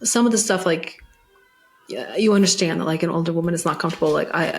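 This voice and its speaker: Brief: woman, lower pitch, sarcastic podcast co-host who laughs easily. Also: quick pace. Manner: wry, sarcastic asides, laughs often. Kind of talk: casual chat.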